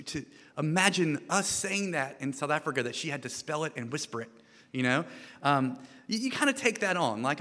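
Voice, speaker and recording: An American man preaching a sermon into a microphone, in a conversational, animated way with frequent restarts and repeated words. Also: on the high side, fairly quick. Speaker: guest preacher. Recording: long hall reverb.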